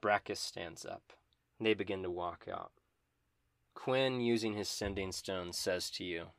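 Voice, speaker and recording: Game master, male, unhurried, grave narration; dry close mic. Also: low-pitched, no echo.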